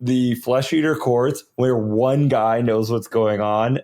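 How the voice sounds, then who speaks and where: A man co-hosting a podcast, retelling a story in casual lore chat, animated and full of "like"s and fillers. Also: medium pitch, slow. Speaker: podcast co-host.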